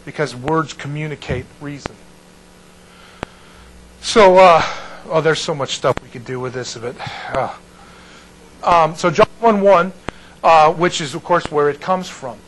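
A man's voice: a little high, measured pace, pauses often, fairly bright tone, a little hiss or hum, rough recording. A man teaching a Bible class, digressing and breaking off mid-sentence while checking in with his students.

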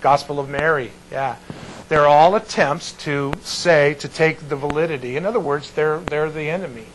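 A man's voice: on the high side, moderate pace, a little hiss or hum, rough recording. A man teaching a Bible class, digressing and breaking off mid-sentence while checking in with his students.

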